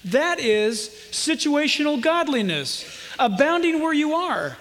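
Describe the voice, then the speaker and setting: A man preaching a sermon as pastor, with impassioned delivery and emphatic, drawn-out quotations. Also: very high-pitched, big pitch swings, fairly bright tone, big-room sound.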